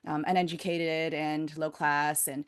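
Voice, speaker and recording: A woman's voice: sits low, flat delivery, measured pace, clean tone. Attentive American woman podcast host. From United States. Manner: attentive listener with frequent short affirmations. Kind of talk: casual podcast conversation.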